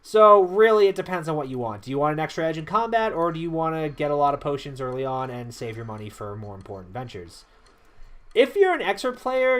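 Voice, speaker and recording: A chatty man talking through a role-playing game in a casual commentary. His pitch swings a lot as he explains choices, corrects himself and scats little tunes under his breath. He sounds relaxed and unscripted. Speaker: let's play host.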